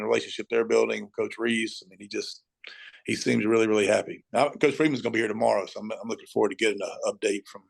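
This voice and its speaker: A middle-aged man, a high school football coach, telling stories as an interview guest and acting out his own shouting at the TV. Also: creaky, husky. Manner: animated storyteller, acts out shouting at the TV.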